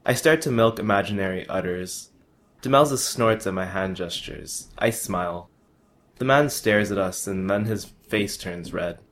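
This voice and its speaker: Young man, reading a personal travel story, earnest, small restarts, low-ish voice. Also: normal speed, a bit bright.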